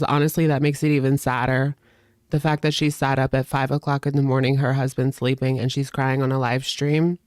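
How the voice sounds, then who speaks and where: A reaction host trades snarky, sarcastic gossip about a clip. The voice is smooth and clear, recorded dry and close with no room sound. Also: mid-range voice, darkish tone, dry recording.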